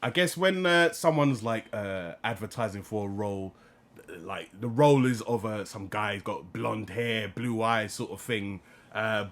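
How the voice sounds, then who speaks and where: A man, a voice actor and guest, chatting casually, animated and full of slang. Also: on the low side, unhurried. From United Kingdom. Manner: animated storyteller with slang, laughs often. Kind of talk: casual chat.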